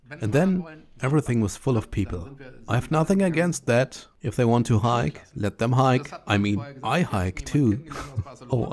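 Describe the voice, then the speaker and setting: A man's voice: medium pitch, darkish tone. A man with a German accent, talking casually to camera about a long walk, chatty and blunt, often laughing. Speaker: vlogger walking a pilgrimage trail. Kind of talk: casual spoken travel diary.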